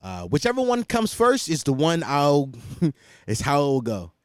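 A man's voice: a little high, huge pitch swings, measured pace, clean tone, dry recording, studio quality. A young man hosting a podcast, chatting casually in a rambling, profane and self-mocking way. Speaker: podcast host. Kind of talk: casual solo chat.

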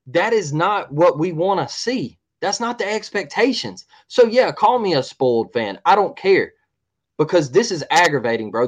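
Heated man ranting about sports. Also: a little high. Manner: heated, repetitive, keeps asking "all right?". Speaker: podcast co-host. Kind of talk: sports podcast rant.

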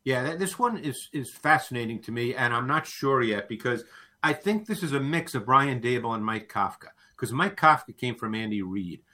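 A man's voice: mid-range voice, lively intonation, moderate pace, pushed and bright. A man who analyzes football in a casual talk, thoughtful, often repeating words as he starts a sentence.

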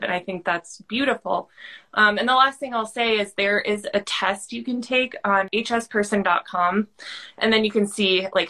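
A woman's voice: mid-range voice, sharp tone. A woman who is a podcast guest, explaining things in a chatty, casual way and using "like" a lot. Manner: chatty, leans on a lot of "like" fillers. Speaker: interview guest. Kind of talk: casual chat.

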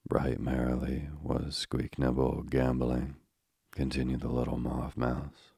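A man reading a storybook aloud in a measured, old-fashioned way. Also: a bass voice, completely flat delivery, vocal fry, mellow, breathy edge, no room sound, studio quality. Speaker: narrator.

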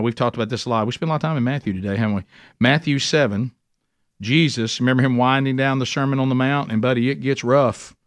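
A man's voice: medium pitch, no echo, studio quality. A middle-aged man teaching a men's Bible study in an earnest, emphatic, folksy way. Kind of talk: conversational sermon teaching.

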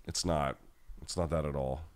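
A man's voice: extremely low pitch, fairly even intonation, moderate pace. A man hosting a podcast live chat, answering viewers in a blunt, rambling, casual way with many restarts.

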